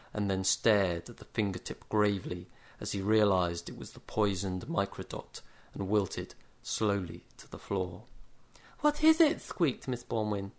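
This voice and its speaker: A man narrating a comic short story in a dry, measured deadpan. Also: lowish voice. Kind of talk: story reading.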